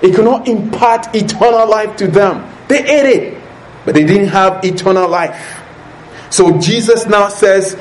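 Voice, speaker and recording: Male preacher, high voice, unhurried sermon delivery, echoey room. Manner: deliberate, asks rhetorical questions to the listeners. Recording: echoey room with faint ambient noise.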